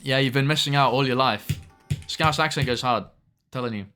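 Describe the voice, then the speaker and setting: A man's voice: medium pitch, normal speed, bright, forceful tone, smooth, soft background music. A young man chatting casually with viewers while streaming a game, swearing now and then at the game. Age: young adult. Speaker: streamer reading chat.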